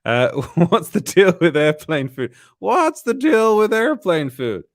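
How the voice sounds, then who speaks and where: A man putting on an impression of a male stand-up comedian, asking slow, lilting rhetorical questions. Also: high voice, very animated, voice pushed up, full character voice. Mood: quizzical.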